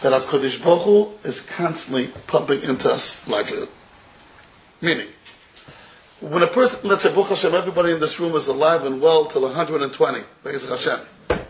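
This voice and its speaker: A man's voice: fairly high pitch, brisk, rough recording. Chuckling man teaching Talmud. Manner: chuckles through his points, drawing out quoted phrases. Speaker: Torah teacher. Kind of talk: Talmudic lecture to a live audience. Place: room with listeners.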